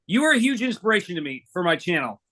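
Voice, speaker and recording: Male podcast host, high and bright, playful joker. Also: sing-song, fast. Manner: jokey, playful banter. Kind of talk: casual chat.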